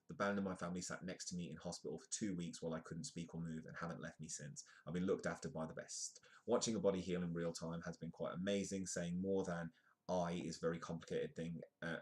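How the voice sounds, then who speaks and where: A man hosting a live comedic news show, reading articles aloud and breaking off into rambling, self-correcting asides. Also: low-pitched.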